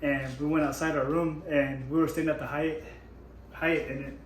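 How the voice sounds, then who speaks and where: A hoarse man hosting his own channel, telling an excited, rambling story with lots of restarts. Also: on the high side, normal speed. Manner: rambling with frequent restarts, hyped. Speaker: YouTube MMA channel host. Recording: echoey room with faint ambience.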